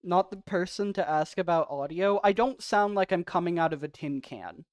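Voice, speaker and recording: A man's voice: high-pitched, moderate pace, dry recording. A man streaming a game, chatting casually and rambling in a self-deprecating way. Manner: soft-spoken off stream. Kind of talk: casual livestream chat.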